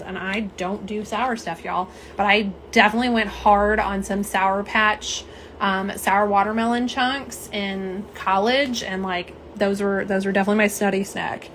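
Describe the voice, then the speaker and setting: This young woman's voice is mid-range and a bit bright, moving at a moderate pace against slight background noise. She hosts an easygoing live unboxing and swatch session, talking and reading viewer comments aloud.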